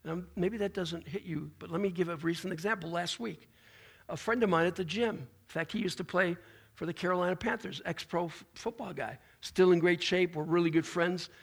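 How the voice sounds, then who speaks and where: A man's voice: high-pitched, fairly even intonation, fairly quick, creaky, slightly rough. A man preaching a sermon as pastor, in an informal way with restarts and folksy asides. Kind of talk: conversational sermon.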